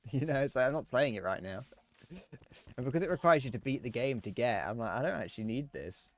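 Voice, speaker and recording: A man's voice: medium pitch, lively intonation, normal speed, pauses often. A young man streaming a game, rambling casually with frequent restarts and chuckles. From Britain. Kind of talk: casual gameplay commentary.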